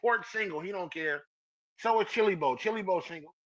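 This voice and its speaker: A man's voice: high-pitched, brisk, muffled recording. A man hosting a casual live podcast, teasing his listeners and calling them out by name, laughing often. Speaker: podcast host. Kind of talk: casual live-stream chat.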